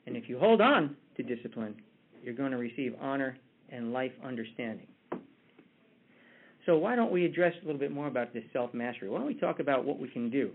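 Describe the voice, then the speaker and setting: A man's voice: mid-range voice, animated, a little fast, a little hiss or hum. A man giving a conversational motivational talk with a story, often restarting his words. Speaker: motivational speaker. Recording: tinny phone-like line.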